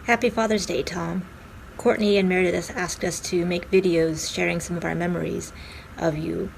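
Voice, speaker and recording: Woman, low flat voice, gravelly fry, measured sincere tribute. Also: a little hiss or hum, poor audio. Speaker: family friend giving a tribute. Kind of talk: recorded video message.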